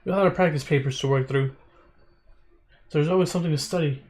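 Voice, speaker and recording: A man's voice: a little high, quick pace, darkish tone. A man streaming a visual novel, reading the text aloud in a casual way, stumbling over words and breaking off into chatty asides.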